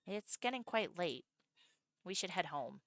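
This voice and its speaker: A woman voicing a calm, firm young man in a game who scolds a friend. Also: on the low side, a little slow, full character voice.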